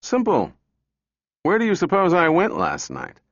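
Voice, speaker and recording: A man's voice: high-pitched, wildly swooping pitch, unhurried, gravelly, dry recording, voice pushed up, full character voice. A man voicing a smug father who explains his plan persuasively. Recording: dull dry recording.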